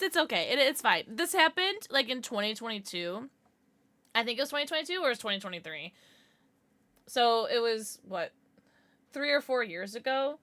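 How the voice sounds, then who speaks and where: A young woman streamer chatting casually on a livestream, rambling and halting with many restarts as she vents her frustration. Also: a little high, big pitch swings, bright, forceful tone. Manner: frustrated, venting; baby-talk to her dogs.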